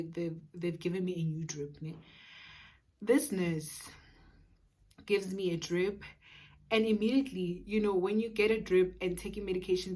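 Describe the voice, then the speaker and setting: A woman's voice: medium pitch, darkish tone. A woman with a South African accent telling a personal story for her storytime vlog, earnest and full of emphatic repetition. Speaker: vlogger.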